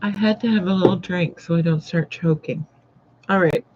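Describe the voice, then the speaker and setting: A sewing channel host with a lowish voice talks at a moderate pace, with background noise audible. She rambles casually on a live chat, greeting viewers by name as she sews, over dull lo-fi live-stream audio.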